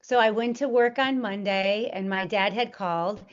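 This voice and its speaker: A woman's voice: mid-range voice, normal speed, highs cut off. A woman in an interview, telling a personal story in an earnest, rambling way with lots of "like" and "you know". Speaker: interview guest. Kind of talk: candid personal storytelling in conversation.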